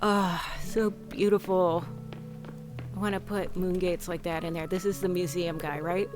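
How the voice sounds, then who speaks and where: A woman's voice: on the low side, flat delivery, unhurried, a little mellow, faint music behind. A woman streamer giving casual gameplay commentary, chatting and reading game dialogue aloud.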